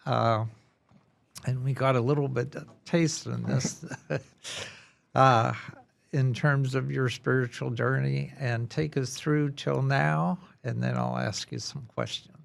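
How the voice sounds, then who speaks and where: Slow, gravelly male podcast host. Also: medium pitch. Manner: measured, conversational, with pauses. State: losing his voice. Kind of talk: podcast introduction.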